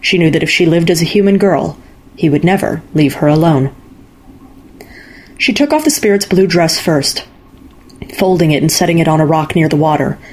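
Husky woman narrating a story. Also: low-pitched. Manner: calm, measured storytelling. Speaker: story reader. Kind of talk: scripted narration.

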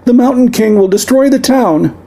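A man voicing a terrified young saloon girl who cries out in a high, desperate squeal. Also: normal speed, mellow. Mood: panicked.

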